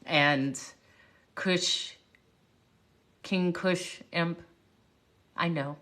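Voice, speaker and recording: A woman speaker telling a personal story on a livestream, lively and full of asides to viewers. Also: on the low side, drawn-out words. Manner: animated, jumps around, greets viewers. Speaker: motivational speaker, livestream host.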